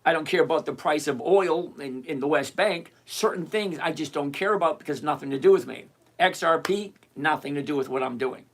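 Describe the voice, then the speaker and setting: A man's voice: on the high side, fairly quick, hardly any pauses. An older retired man hosting a live stream, chatting casually and emphatically as he answers viewers by name. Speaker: livestream host answering viewer questions.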